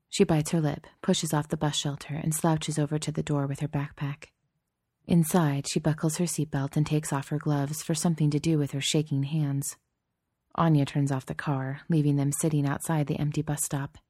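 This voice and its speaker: Low, mellow woman narrating a story. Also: no room sound, studio quality. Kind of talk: audiobook narration.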